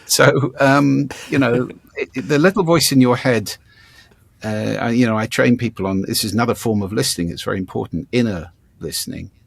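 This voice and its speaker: An older man as an interview guest, explaining ideas in a demonstrative way and playing with his pitch and volume to show his points. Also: fairly quick, creaky, husky, no echo. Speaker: guest, speaking coach. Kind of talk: conversational interview.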